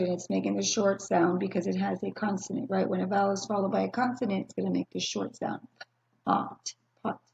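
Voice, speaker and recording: Patient woman teaching phonics, gravelly edge. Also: mid-range voice, dark tone, highs cut off. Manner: patient, slow and clearly spelled-out teaching with pauses for answers. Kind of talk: recorded phonics lesson for young children. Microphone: screen-recording computer mic.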